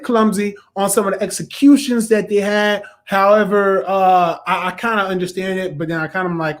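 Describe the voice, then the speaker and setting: A man hosting a casual video review, chatty and animated, acting out quotes as he talks. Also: sits high, normal speed, hardly any pauses. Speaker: show host reviewing an episode.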